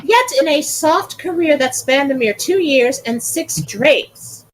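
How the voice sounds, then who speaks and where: A woman's voice: high voice, lively intonation, slow pace, low-quality recording. A woman co-hosting a casual podcast, reading aloud and often breaking into giggles. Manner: giggly, reads with frequent laughs. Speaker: podcast co-host.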